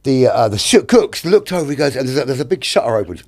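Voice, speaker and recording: Middle-aged British guest, mid-pitched, animated and profane, acts out every voice in his stories. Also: fast, slight background noise. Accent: British English. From Britain. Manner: animated, heavy swearing, acts out other people's lines. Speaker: actor and director, interview guest. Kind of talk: casual storytelling. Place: podcast studio.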